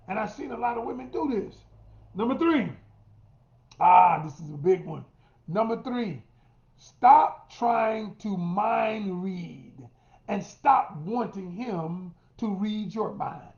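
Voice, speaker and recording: A man's voice: sits high, expressive, slow pace, vocal fry, a little mellow. Middle-aged guy coaching women on dating, punchy emphatic talk, echoey room, kinda muffled sound. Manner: emphatic, addresses listeners as y'all, acts out quotes. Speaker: relationship coach. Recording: roomy, dull lo-fi sound.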